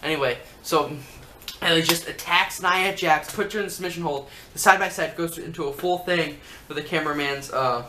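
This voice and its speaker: Man, casual wrestling vlogger, rambling, somewhat high voice, roomy echo. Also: fairly quick. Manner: rambling, chatty, lots of fillers. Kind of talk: casual fan commentary. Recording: roomy room echo, faint hum.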